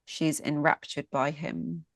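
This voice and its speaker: Slow, low-voiced woman telling a myth. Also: fairly even intonation, dry recording, studio quality. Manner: unhurried, lingering pauses and vivid sensual detail. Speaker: storyteller. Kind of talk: dramatic myth storytelling.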